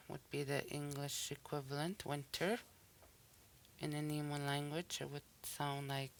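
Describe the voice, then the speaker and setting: A language teacher giving a recorded pronunciation lesson, saying each example word slowly and then repeating it with care. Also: mid-range voice, flat delivery, slight background noise.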